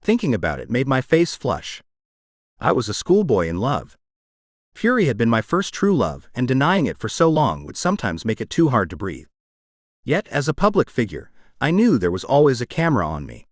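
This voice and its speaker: Male audiobook narrator, expressive first-person romance read, very lively pitch, dry close studio sound. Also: moderate pace, no echo. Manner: emotional, expressive reading.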